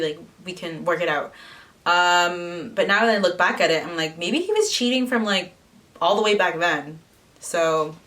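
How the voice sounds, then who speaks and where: A young woman vlogger tells a personal story in chatty, casual style, sprinkling in lots of "like" fillers. Her mid-range voice is a bit bright and sounds far from the mic.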